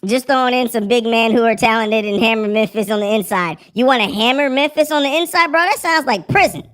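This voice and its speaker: A young man hosting a live sports podcast through a squeaky pitch-shift voice changer, joking and swearing in slang. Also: a little fast, a bit bright, clean tone. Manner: joking, profane slang, mock breaking-news delivery. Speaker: podcast host.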